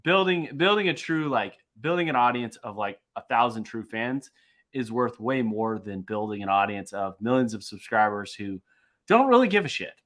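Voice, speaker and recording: A man co-hosting a podcast, telling a travel story in casual chat, excitable and swearing freely, his voice jumping up when riled. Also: medium pitch, normal speed. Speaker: podcast co-host.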